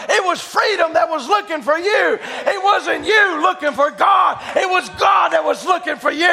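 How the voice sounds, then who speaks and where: High-voiced fervent male preacher. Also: vocal fry. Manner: fervent shouting with sudden quiet stretches. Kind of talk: sermon.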